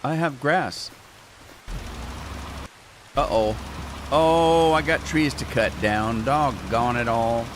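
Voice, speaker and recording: A man's voice: medium pitch, takes it slowly, pauses often, noisy background. A man hosting a gameplay stream, chatting casually and talking to himself as he plays. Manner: rambling, chatty, talks to himself and chat. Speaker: gaming channel host. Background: rain sounds from the game.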